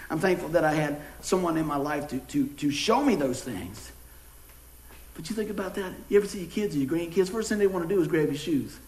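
A middle-aged pastor, preaching a sermon with jokes and folksy storytelling. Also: male voice, a little high, a little fast. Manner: folksy, joking, animated storytelling. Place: church sanctuary. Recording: echoey church room.

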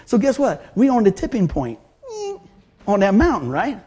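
A man's voice: high-pitched, moderate pace, slightly rough. A man in his fifties preaching a sermon, telling stories with laughs and acting out the voices he quotes. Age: 50s. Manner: animated, laughing storyteller who acts out quotes.

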